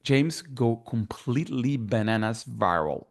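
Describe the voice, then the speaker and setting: A man with a French accent sits as a guest in a relaxed interview. He tells his story with lively energy and acts out past conversations. His voice sits at an ordinary pitch for a man. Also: measured pace. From France. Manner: animated storyteller who acts out remembered dialogue.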